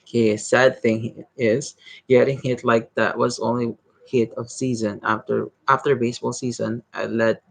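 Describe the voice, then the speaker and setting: A man reading a novel aloud in a halting way, stumbling over words and restarting them. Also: mid-range voice, level tone, creaky, slightly rough, no room sound, low-quality recording. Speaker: reader.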